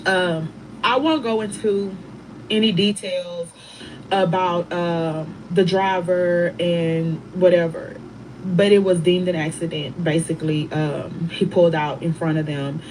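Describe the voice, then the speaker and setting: A middle-aged woman telling a painful personal story in a soft, halting way, pausing and restarting often. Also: fairly low pitch, fairly even intonation, slight background noise, poor audio. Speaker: bereaved mother telling her story.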